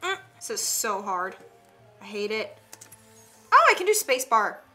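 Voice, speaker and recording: A young woman, commenting on an online game in a chatty, excitable way with gasps and giggles. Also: mid-range voice, measured pace, faint music behind. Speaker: gaming streamer. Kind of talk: casual gameplay commentary.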